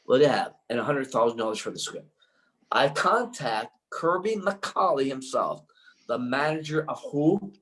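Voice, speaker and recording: An older man, a filmmaker guest in an interview, telling a long anecdote in an excitable, rambling way full of restarts. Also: medium pitch, normal speed, poor audio.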